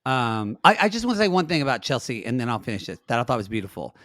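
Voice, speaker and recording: A man co-hosting a casual recap podcast, earnest and openly emotional. His voice sits mid-pitch for a man. The recording is dry and close. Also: lively intonation, fast talker, a bit bright, dry recording. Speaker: podcast co-host.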